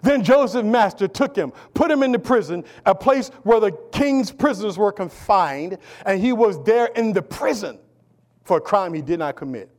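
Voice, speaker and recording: A pastor preaches to his congregation in a strikingly high voice, leaning into call-and-response. He shifts from ringing proclamations to near-whispers, with relaxed church vernacular in his delivery. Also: normal speed. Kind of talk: sermon.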